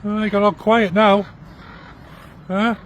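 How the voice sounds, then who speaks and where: A man's voice: high voice, flat delivery, slow, dull audio, slight background noise. A man chatting to birds in an outdoor bird park, coaxing them in a sing-song voice. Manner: coaxing, sing-song baby talk to animals. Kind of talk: casual chat to birds. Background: faint birdsong and outdoor ambience.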